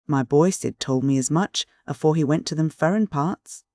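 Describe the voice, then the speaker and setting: Man voicing old widow, country dialect, wailing, high-pitched, dry sound. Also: moderate pace, mellow, dry recording, natural voice. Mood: whimpering. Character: old grieving village widow, whimpering.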